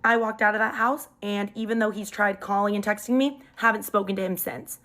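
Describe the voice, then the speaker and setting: A woman's voice: medium pitch, steady tone, fairly quick, pushed and bright. A young woman telling a dramatic personal story in a chatty, casual storytime style, leaning hard on emphasis.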